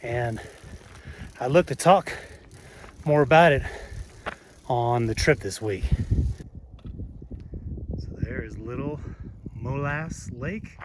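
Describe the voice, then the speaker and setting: Man, Southern accent, casual trail vlog, halting with fillers, breathy from climbing, outdoors, faint wind noise. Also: medium pitch. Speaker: hiker vlogger.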